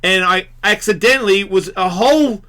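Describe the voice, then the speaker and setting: A man's voice: high-pitched, normal speed, pushed and bright. A man hosting a talk radio show, telling a crude, rambling story through a studio microphone and laughing at himself.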